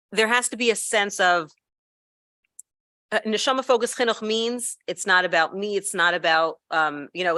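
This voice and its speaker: Bright, lively woman telling a teaching story. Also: medium pitch, no room sound. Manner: animated storyteller, quick asides and self-corrections. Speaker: speaker at an educators' gathering. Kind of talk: conversational teaching talk.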